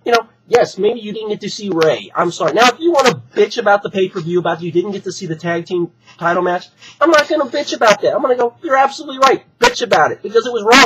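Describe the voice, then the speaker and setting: Hoarse man ranting heatedly. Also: high voice, a bit bright, slight background noise, low-quality recording. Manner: heated, profane, repetitive ranting. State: hoarse from recent illness. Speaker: wrestling fan vlogger. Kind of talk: opinion rant to camera.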